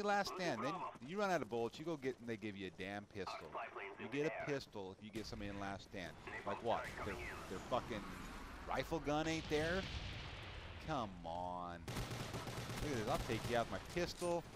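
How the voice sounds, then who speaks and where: A man of medium pitch gives casual commentary on his own video game play, venting in a frustrated, profanity-laced rant. Loud gunfire and clicks from the game and other noise fill the background.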